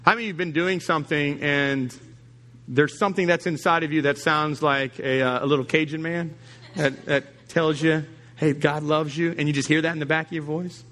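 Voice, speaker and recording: A man's voice: on the high side, steady tone, moderate pace, a bit bright. A man preaching a sermon as pastor, emphatic, repeating key lines and acting out the people he quotes. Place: church service.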